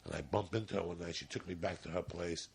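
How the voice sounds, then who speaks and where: Gravelly deep-voiced man telling a story. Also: steady tone, fast talker, a little hiss or hum. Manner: profane, rambling, low-key. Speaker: podcast guest, comedian. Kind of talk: casual storytelling.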